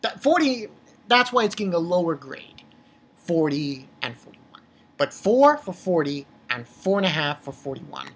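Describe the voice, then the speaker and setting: Husky low-voiced woman ranting. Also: sing-song, normal speed. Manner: exasperated, profane, heated outbursts. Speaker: manga reviewer. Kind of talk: casual ranting review.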